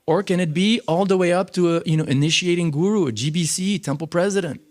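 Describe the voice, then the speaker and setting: In a temple, a man teaches a scripture class, lecturing in an animated, conversational way with frequent fillers. His voice sits high, and he talks fast.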